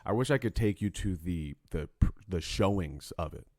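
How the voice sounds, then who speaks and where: A young man co-hosting a podcast in casual chat, telling stories in an animated, profane way. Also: low voice, moderate pace, dry recording, clean studio sound. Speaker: podcast co-host.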